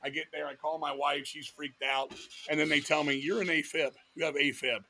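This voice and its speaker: Fairly high and pushed bright, this middle-aged man's voice keeps a fairly even intonation. He's a metal vocalist from Virginia, a guest spinning quick, curse-filled anecdotes and acting out quoted voices in casual, animated talk.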